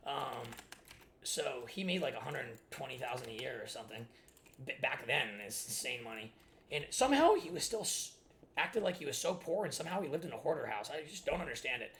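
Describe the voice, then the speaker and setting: Gravelly young man rambling casually. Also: mid-range voice, fairly bright tone, a little hiss or hum. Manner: rambling, lots of filler words. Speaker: streamer. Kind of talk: casual storytelling chat.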